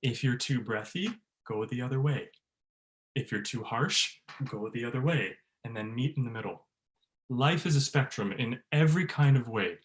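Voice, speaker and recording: A man, a bass-baritone voice teacher, leading an online workshop for choir singers, laughing often and demonstrating sounds. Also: expressive, moderate pace. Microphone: video call.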